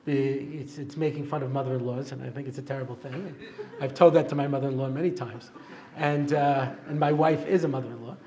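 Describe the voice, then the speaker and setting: A man's voice: mid-range voice, steady tone, a little fast, warm tone. A middle-aged man, a rabbi giving a humorous lecture, telling jokes and chuckling at them before a live audience. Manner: joking storyteller, chuckles at his own jokes.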